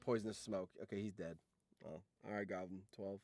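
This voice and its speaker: A man's voice: sits low, steady tone, brisk, a little mellow, no room sound, faint music behind. A man streaming and commenting on a game, reading out results, laughing often and swearing.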